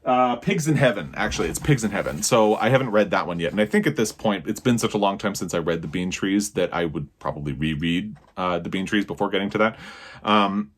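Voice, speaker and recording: Excitable man gushing about books. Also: low voice, brisk, slight background noise. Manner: excitable, gushing, stumbles over words when thrilled. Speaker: book vlogger. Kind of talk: casual book review to camera.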